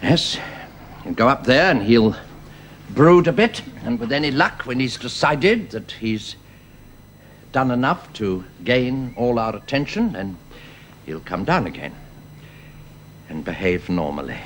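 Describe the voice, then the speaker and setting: A calm, wise older grandfather in a radio drama. His voice rises and falls lively as he reassures in a measured way. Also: mid-range voice, a little hiss or hum.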